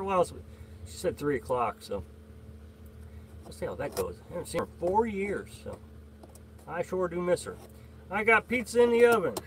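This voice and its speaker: A man's voice: high-pitched, a bit bright, a little hiss or hum. A middle-aged man hosting a casual live stream, rambling with many fillers and greeting viewers by name as he reads their comments. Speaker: livestream host.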